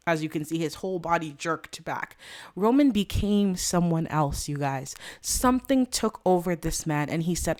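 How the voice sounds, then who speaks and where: Lower-voiced woman narrating gameplay dramatically. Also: normal speed. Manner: animated and dramatic, addresses viewers. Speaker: let's play host.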